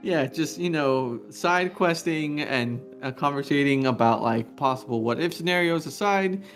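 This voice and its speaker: A man's voice: fairly high pitch, normal speed, fairly bright tone, soft background music. A man co-hosting a podcast in casual chat, rambling and playful, laughing often. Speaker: podcast co-host.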